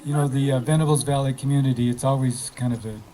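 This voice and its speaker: A man hosting a community graduation gathering, talking loosely with many pauses and fillers. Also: mid-range voice, steady tone, dark tone, low-quality recording. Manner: hesitant, many fillers, offhand. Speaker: event host. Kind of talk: casual emcee talk.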